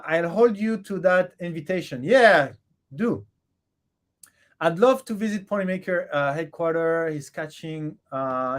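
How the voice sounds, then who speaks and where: A man hosting a casual live Q&A stream. He reads viewer comments aloud and answers with many pauses, fillers and restarts. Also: sits high.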